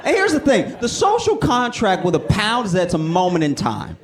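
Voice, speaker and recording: A male stand-up comedian telling a story in an animated, incredulous way. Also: high voice, a little fast, a crowd in the background. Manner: animated, incredulous, exaggerated retelling. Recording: echoey hall with background noise.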